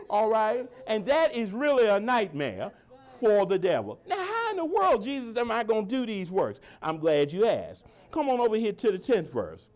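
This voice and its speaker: A pastor preaching a sermon to his congregation, quoting scripture in old-fashioned wording and speaking informally, asking for agreement and slowing down to drive key lines home. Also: high-pitched, a little mellow. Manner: preaching with a call-and-response cadence, slowing to stress lines.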